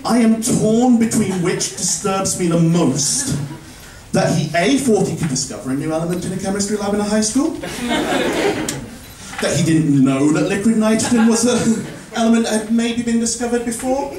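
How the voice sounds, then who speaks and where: A man's voice: high voice, normal speed, crowd noise. A man performing a stand-up comedy set, telling wry stories and acting out the dialogue. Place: comedy club stage. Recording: roomy club sound, mic heard from a distance, audience noise. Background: audience laughter.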